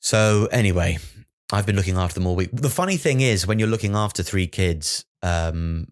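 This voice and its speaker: A man's voice: deep voice, expressive, moderate pace. A man hosting his own podcast, rambling through a sweary, self-mocking comic monologue. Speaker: comedian podcast host.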